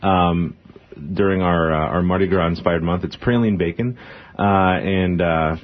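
A man's voice: sits low, fairly even intonation. A man who owns a brewery, guest in a radio interview, talking earnestly with many "uh"s. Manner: fast, filler-heavy, earnest. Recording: dull lo-fi radio sound.

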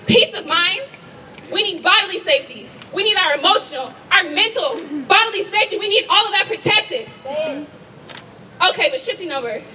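A woman's voice: extremely high pitch, bright, forceful tone. A young woman giving an impassioned protest speech at an outdoor campus rally, firing rhetorical questions at the crowd. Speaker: student rally speaker. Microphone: rally sound system. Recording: distant voice over crowd and noise.

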